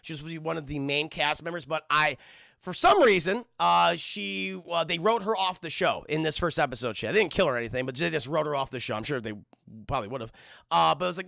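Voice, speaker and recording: Gravelly high-voiced streamer rambling to chat. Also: male voice, animated, brisk, sharp tone, dry recording, clean studio sound. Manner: rambling, profane, keeps addressing chat. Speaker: streamer reviewing a TV episode. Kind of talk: casual live-stream commentary.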